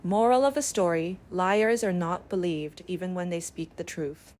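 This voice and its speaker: A woman narrating bedtime fables in a calm, measured way. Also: fairly low pitch. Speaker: storyteller.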